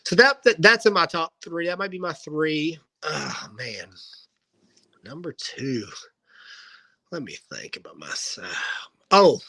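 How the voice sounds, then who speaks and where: Bright-voiced man telling wrestling stories. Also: a little high, slow, gravelly, long pauses, breathy edge, rough recording. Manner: animated anecdote-telling, acting out quoted dialogue. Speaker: guest, professional wrestler. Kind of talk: casual storytelling in an interview.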